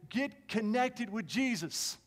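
A man preaching a sermon with passion, swinging from emphatic lines to quiet ones. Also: extremely high pitch, lively intonation, takes it slowly. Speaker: pastor. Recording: long reverb of a large hall.

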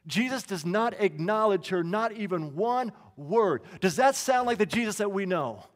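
A man's voice: high-pitched, lively intonation, moderate pace. A man preaching a sermon in a conversational way, with asides and restarts, in a church. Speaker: pastor. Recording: long reverb of a hall.

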